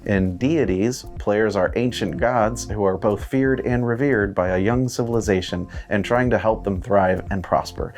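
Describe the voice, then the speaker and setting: Man, host, scripted news read, lowish voice, faint music underneath. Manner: steady read-aloud delivery.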